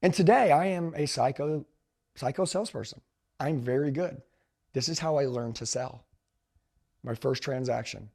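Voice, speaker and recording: A man in his forties, a sales trainer, telling a story in an emphatic, animated, slangy way and calling his listeners dude. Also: medium pitch, moderate pace, vocal fry, pauses often. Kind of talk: motivational storytelling.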